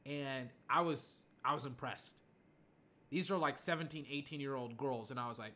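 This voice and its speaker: A young man hosting a solo podcast, talking in a casual, rambling way that bursts into excited outbursts. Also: mid-range voice, moderate pace. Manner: chatty, digressive, excitable with loud outbursts. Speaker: podcast host.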